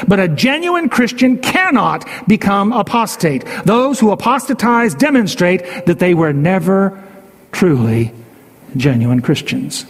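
A man with a high voice preaches a sermon with strong emphasis, stressing and repeating his key phrases. His voice climbs high and sinks low as he drives each point home. A long reverb trails behind his words, as in a large hall. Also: big pitch swings, normal speed. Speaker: pastor.

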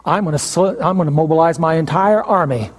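A scheming, furious king barks orders in a gruff, commanding way, as a preacher acts him out. The voice sits somewhat high for a man. A long hall reverb trails it. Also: a little fast, close to an everyday voice.

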